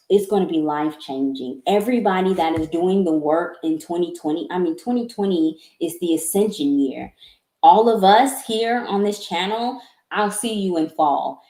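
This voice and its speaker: A woman's voice: fairly low pitch, dark tone. A woman giving a live-streamed tarot reading. She stammers and repeats words, and she sounds apologetic and emotional. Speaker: tarot reader. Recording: echoey room.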